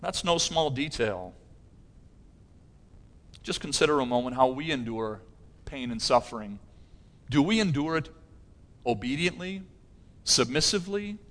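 A man's voice: mid-range voice, expressive, a little slow, pauses often. A middle-aged pastor preaching a sermon, earnest, with his voice rising in intensity on key phrases.

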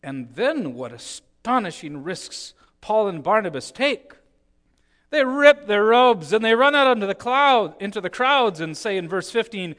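A man preaching a sermon, telling the story with swings from hushed, slow lines to emphatic ones. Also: high voice, big pitch swings.

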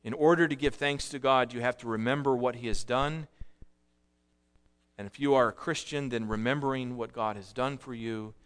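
A man preaching a sermon in an earnest, measured way, stressing key phrases and often repeating himself. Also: mid-range voice, fairly bright tone, clear, resonant tone. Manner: earnest, measured preaching with frequent repetitions and restarts. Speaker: pastor.

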